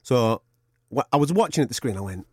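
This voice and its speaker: Man, animated storyteller, swears and laughs, lively pitch swings, dry close sound. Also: brisk, no echo. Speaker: podcast co-host. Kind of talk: casual chat.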